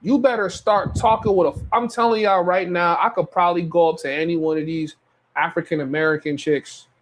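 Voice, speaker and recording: A man's voice: high-pitched, steady tone, a little fast, rough recording. A man hosting a stream and reacting to clips in casual commentary, blunt and profane, repeating himself and stumbling over his words.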